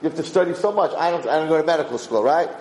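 Animated man teaching a Torah class. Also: fairly high pitch, racing. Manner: animated, acting out the voices of people he quotes. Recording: roomy room echo, faint background hiss.

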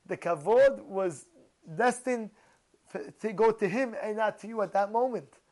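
A man, a rabbi, giving an animated storytelling Torah talk, repeating his phrases and mixing in Hebrew terms. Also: high voice, unhurried, low-quality recording.

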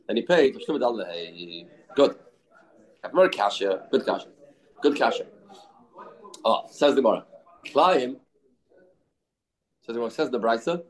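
A man's voice: mid-range voice, big pitch swings, poor audio. Man arguing through a Talmud lesson. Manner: quick back-and-forth argument mixing English with Aramaic and Yiddish terms. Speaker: Talmud teacher. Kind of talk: daf yomi Talmud lesson.

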